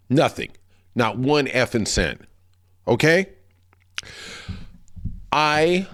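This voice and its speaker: A man hosting a podcast, delivering a heated, profane political rant. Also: mid-range voice. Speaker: podcast host. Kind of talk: political commentary monologue.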